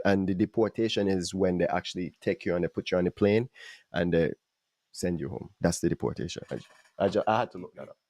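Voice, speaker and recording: A man hosting an interview, explaining terms for the audience in a measured way. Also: lowish voice, darkish tone, no echo. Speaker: host.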